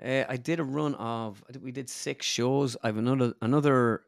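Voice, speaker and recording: A man's voice: medium pitch, steady tone, moderate pace, creaky, no echo. Irish midlands male guest, chatty, meandering, mid-range voice, dry sound. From middle of Ireland. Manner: rambling, self-correcting, easygoing. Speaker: guest, comedian and impressionist. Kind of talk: casual interview chat.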